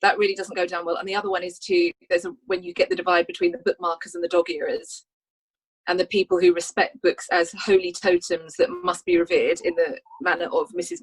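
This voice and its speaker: A woman's voice: on the low side, fairly quick, breathy edge, rough recording. A woman, a crime writer, chatting on an online panel, self-mocking and asking the others questions. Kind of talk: casual online panel chat. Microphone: video call.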